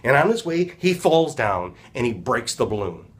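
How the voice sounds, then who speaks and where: A man's voice: mid-range voice, big pitch swings, moderate pace. Man retelling a storybook tale as a life lesson, rambling and reflective, voice rises and falls a lot. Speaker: healing practitioner and speaker. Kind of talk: casual storytelling talk.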